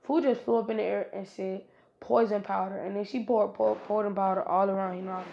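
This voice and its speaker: A woman tells a fan-made story in a loose, chatty way and talks straight to her viewers. Her voice is gravelly, with a middle pitch. She keeps the delivery casual throughout. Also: steady tone, fast talker, warm tone, dull audio, a little hiss or hum. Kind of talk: casual fan-fiction narration.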